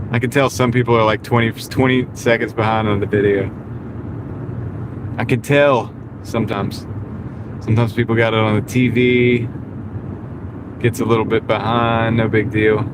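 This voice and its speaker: A young man who drives deliveries chatting casually with his livestream viewers while driving, relaxed and chuckling often. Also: medium pitch, measured pace, pauses often. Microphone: small wireless clip-on mic. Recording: road noise inside a moving car.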